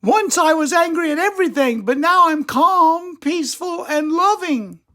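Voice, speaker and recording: An older man voicing a calm, peaceful female squirrel in a high sing-song voice for a storybook read-aloud. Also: normal speed, heavily acted. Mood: serene.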